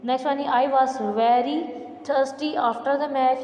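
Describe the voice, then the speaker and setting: A woman's voice: high-pitched, fairly even intonation, darkish tone. Echoey woman teacher. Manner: slow, deliberate, repeats answers word by word. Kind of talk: online revision lesson. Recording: echoey room, faint background hum.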